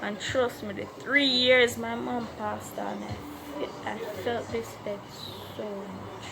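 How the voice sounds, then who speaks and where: A woman telling a personal story on her vlog, speaking in a slow, halting, emotional way. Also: fairly high pitch, fairly even intonation, vocal fry, music in the background. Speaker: vlogger.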